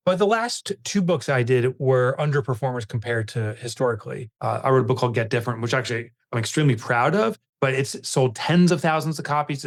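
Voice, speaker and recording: A man, a guest author on a podcast interview, telling a story in an animated way and acting out his own reactions. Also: mid-range voice.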